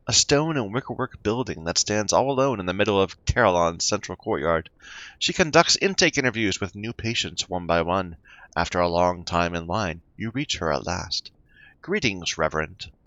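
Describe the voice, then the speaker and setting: Let's-play gamer, man, lowish voice, reads game text and stumbles over odd words. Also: animated, normal speed, pushed and bright, no echo, highs cut off. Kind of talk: reading game text aloud with commentary.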